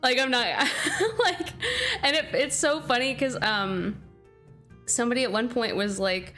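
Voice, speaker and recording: A woman's voice: on the high side, a little slow, sharp tone, faint music behind. A young woman streaming a game who chats casually and bubbly with her viewers, thanking them by name. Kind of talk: casual livestream chat.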